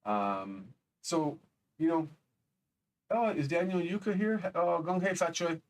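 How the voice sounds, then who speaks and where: A man hosting a live stream, talking in a somber, halting way with many pauses. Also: a little high, animated. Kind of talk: live stream talk reading chat. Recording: voice a bit distant from the mic.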